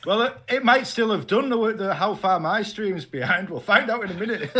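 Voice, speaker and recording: A man's voice: high voice, lively intonation, moderate pace, bright, forceful tone, breathy edge. A man chatting casually as a guest on a fantasy football watchalong, telling his story in a playfully dramatic way.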